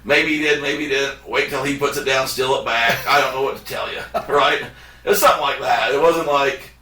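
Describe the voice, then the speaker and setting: Animated bright-voiced man telling a story. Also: medium pitch, brisk, reverberant, far from the mic. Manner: animated, acts out both sides of the story. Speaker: podcast host. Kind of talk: casual storytelling chat.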